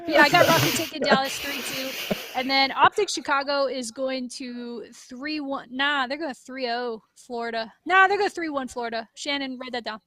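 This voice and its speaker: A woman hosting a podcast, upbeat and chatty with quick asides. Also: sits high, pushed and bright. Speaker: podcast host. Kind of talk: casual podcast chat.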